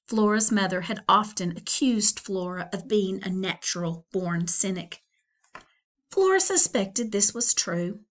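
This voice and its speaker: A middle-aged woman, a school librarian, reading a children's novel aloud with chatty asides to young listeners. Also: mid-range voice.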